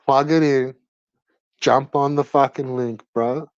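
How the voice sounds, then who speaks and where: Aussie bloke on a livestream, swears nonstop, drawls slow, dull dry lo-fi mic. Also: male voice, medium pitch, steady tone, no echo. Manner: crude, swears constantly, laid-back slangy banter. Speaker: livestream host. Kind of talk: casual livestream chat.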